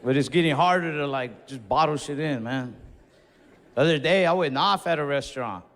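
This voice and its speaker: A man's voice: on the high side, brisk, fairly bright tone, a little hiss or hum. A young man doing a stand-up comedy set, telling stories in a laid-back way and acting out his own outbursts. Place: comedy venue, large hall. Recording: live hall reverb, faint crowd ambience.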